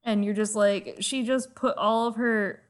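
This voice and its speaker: A woman's voice: medium pitch, steady tone, unhurried. Chatty woman podcast co-host. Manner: chatty, rambling, laughing often. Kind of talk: casual chat.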